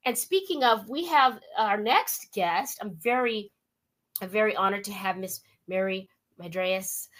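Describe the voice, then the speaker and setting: A woman's voice: medium pitch, a little slow, a bit bright. A woman hosting a radio interview from her home work den over a video call, gushing and upbeat, chatty with plenty of fillers. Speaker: talk show host.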